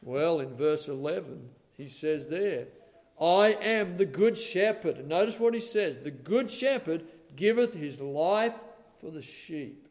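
A man with a high voice preaching a sermon. He speaks earnestly and at a measured pace, and he slows down to stress each scripture quote. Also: expressive, darkish tone.

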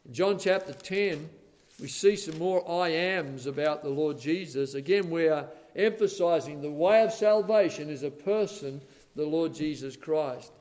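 A man preaching a sermon, earnest and measured, slowing down for emphatic scripture quotes. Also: a little high, darkish tone.

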